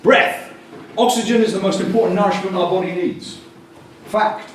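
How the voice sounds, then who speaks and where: A man giving a lively, jokey, blunt conference talk on communication, bursting out loudly now and then. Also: high-pitched, normal speed. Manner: animated, jokey and blunt, with sudden loud bursts. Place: large conference hall. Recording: distant echoey hall recording with faint noise.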